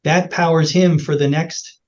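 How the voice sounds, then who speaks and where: A man's voice: fairly high pitch, fairly even intonation, unhurried. Encouraging man on a dull line. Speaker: guest physician. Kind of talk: casual interview chat.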